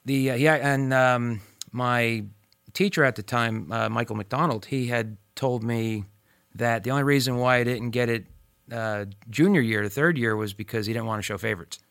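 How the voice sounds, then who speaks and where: A man interviewed as a former student, telling stories with lively acted-out quotes. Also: medium pitch, normal speed, gravelly, clean tone, no echo, clean studio sound. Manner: animated, acts out quoted voices. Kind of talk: storytelling interview.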